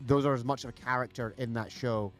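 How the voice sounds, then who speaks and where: A man's voice: mid-range voice, fairly even intonation, fast, soft background music. A man co-hosting a casual podcast chat, rambling with lots of fillers and enthusiasm. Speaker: podcast co-host.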